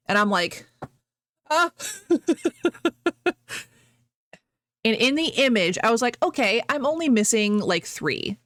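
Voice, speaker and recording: A woman's voice: mid-range voice, a bit bright, dry recording, studio quality. A woman streamer chatting casually with her viewers, rambling, laughing often and breaking off mid-sentence.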